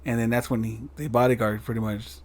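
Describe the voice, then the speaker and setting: A man's voice: mid-range voice, level tone, quick pace. A man co-hosting a podcast, chatting casually and giving blunt, opinionated takes. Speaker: podcast co-host. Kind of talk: casual chat.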